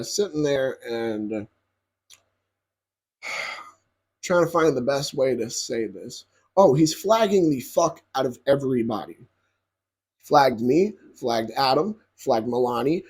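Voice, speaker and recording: A young man telling a story to his viewers in a casual, profane, animated way, often checking in with "right?". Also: medium pitch, slow, pauses often, slightly rough.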